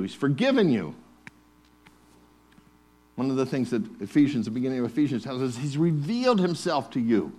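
A male pastor preaching a sermon in a church, passionate and rising to loud, emphatic bursts on scripture. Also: medium pitch.

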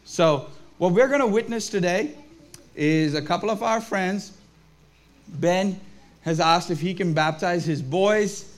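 Brief: upbeat male preacher, high voice, unhurried delivery, speaking to kids and families at church. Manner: upbeat, asks the children questions. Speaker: pastor leading a family service. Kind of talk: family sermon for children and adults. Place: church service.

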